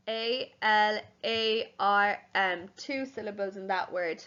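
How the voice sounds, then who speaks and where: A woman primary school teacher giving a home learning lesson, spelling words out slowly letter by letter. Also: fairly high pitch, a bit bright, clean tone, dull audio.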